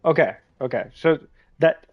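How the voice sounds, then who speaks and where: A man's voice: on the high side, expressive, a little slow, dry recording, dull audio. Rambling man streaming a game. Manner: rambling, heavy use of "like", many restarts. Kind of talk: casual chat while gaming.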